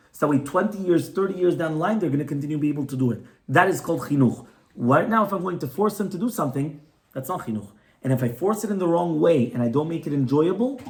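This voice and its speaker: A man, a rabbi, giving a conversational Torah class in a home, often checking in with his listeners. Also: fairly high pitch. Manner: conversational teaching, frequent "right?" checks with the audience. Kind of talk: Torah class on child education. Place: residence, small class gathering.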